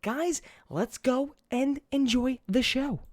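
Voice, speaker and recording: A young man hosting a casual podcast, talking in an excitable, rambling way and swearing freely. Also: extremely high pitch, takes it slowly. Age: young adult. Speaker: podcast host.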